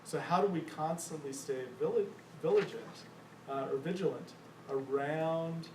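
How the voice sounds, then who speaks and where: A man leading a church discussion group, thoughtful and searching, with many pauses and fillers. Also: a little high, noisy background. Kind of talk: church adult forum discussion. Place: church meeting room. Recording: echoey room mic from far off.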